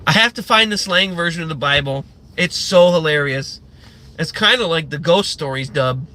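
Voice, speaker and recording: A man ranting on his own livestream, sarcastic and heavy on swearing, who rambles with frequent fillers and false starts. His voice sits a little high for a man and has a very bright, sharp edge. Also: lively intonation, moderate pace. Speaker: livestream host. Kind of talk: profane livestream rant.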